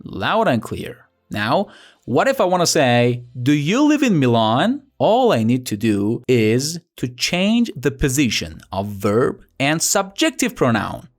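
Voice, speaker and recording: A man's voice: medium pitch, sing-song, slow. A young man teaching a language lesson in a playful, chatty way, asking rhetorical questions. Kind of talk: scripted lesson narration.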